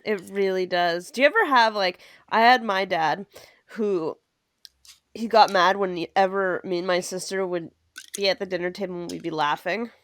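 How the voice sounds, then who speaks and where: A woman co-hosts a relaxed podcast and chats easily with her friend. She teases and drops in stories from home. Her voice sits in a middle pitch and is recorded dry and close. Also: moderate pace, no echo. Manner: chatty, teasing, shares personal stories. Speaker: podcast co-host. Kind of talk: casual chat.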